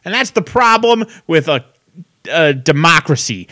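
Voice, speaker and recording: A man's voice: on the high side, big pitch swings, a little slow, sharp tone. A man co-hosting a podcast, chatting casually with a profane, sarcastic, ranting manner. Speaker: podcast co-host. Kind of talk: casual chat.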